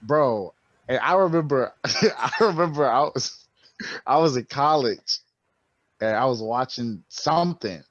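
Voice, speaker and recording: A man's voice: mid-range voice, no room sound, lo-fi sound. A man co-hosting a podcast, speaking in casual conversation, telling stories animatedly with lots of slang. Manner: animated storytelling with frequent slang and profanity. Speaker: podcast co-host.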